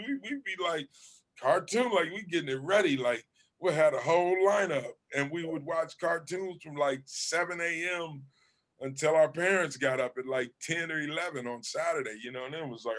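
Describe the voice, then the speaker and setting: A guest comedian from Southern California chats casually in an interview, telling animated stories and swearing freely. His voice is a little high, at a normal speed.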